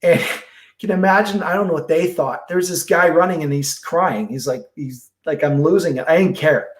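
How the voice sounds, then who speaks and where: Expressive middle-aged man, higher voice. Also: normal speed. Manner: very expressive, animated storytelling with acted quotes. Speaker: podcast guest. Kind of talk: casual storytelling interview.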